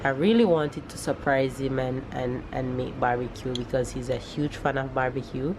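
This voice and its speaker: Low-voiced Jamaican woman vlogging. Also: moderate pace, background noise. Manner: chatty, animated, loud cheering bursts. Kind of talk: casual vlog talk to camera.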